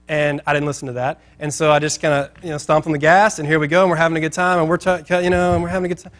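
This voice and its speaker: Animated storytelling male preacher. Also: a little high, fast. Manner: animated, acting out characters. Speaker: pastor. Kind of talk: sermon storytelling.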